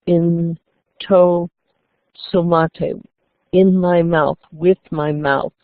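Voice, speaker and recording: Woman, scripture lecture, deliberate, slow pace, dry close sound. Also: lowish voice, dry recording. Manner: deliberate, reading out and explaining Greek words. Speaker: Bible teacher. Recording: tinny phone-like dry sound.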